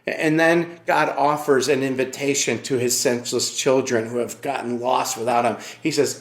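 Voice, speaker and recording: A man's voice: mid-range voice, fairly even intonation, moderate pace, few pauses, roomy sound. A male pastor, likely middle-aged, preaching a sermon and telling an earnest personal story, repeating key phrases.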